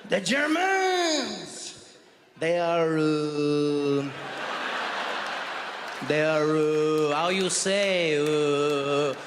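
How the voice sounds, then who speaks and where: A man's voice: a little high, heavy background noise, pitched below the performer's own voice. A man doing a stammering French soldier. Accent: French, put on. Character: hesitant male French soldiers in wartime.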